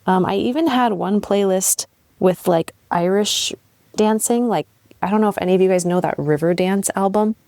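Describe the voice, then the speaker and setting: A young adult woman hosts a podcast, sharing a candid personal story with lively energy, laughing at herself and swearing freely. Her medium-pitched voice moves at a moderate pace with no echo.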